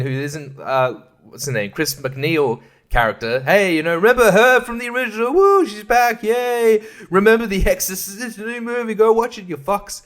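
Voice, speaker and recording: A man's voice: medium pitch, a bit bright. A young man hosting a podcast, rambling through a film review with sarcasm and frequent laughs. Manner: rambling, sarcastic, laughs often, does mocking voices. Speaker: podcast host reviewing films. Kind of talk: casual film review monologue.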